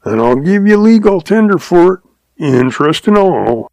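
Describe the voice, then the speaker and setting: A man voicing a shrewd old cowboy who talks in a slow, patient, folksy drawl. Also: high-pitched, big pitch swings, creaky, a little mellow, no room sound, voice pushed up, exaggerated voice. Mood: patient, sly. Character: shrewd old cowboy, calm, sly, chuckling.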